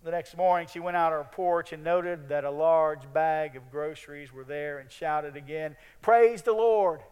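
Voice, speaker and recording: A male preacher delivers an earnest sermon in a fairly high, smooth, clear voice. His phrases often fade softly at the end. A long reverb hangs in the space, as in a large hall. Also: little pitch movement, moderate pace.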